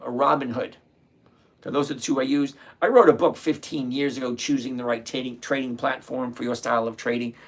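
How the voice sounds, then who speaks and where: A man, hosting a casual trading livestream and chatting with viewers by name, relaxed and quick to laugh. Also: medium pitch. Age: 60s. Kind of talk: casual livestream chat reading viewer comments.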